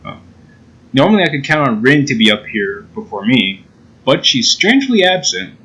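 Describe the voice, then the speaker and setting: A mid-range, very animated male voice, pushed and bright at a normal speed, reads a visual novel aloud for a gaming channel, joking about the story and laughing at his own gags. The recording quality is low.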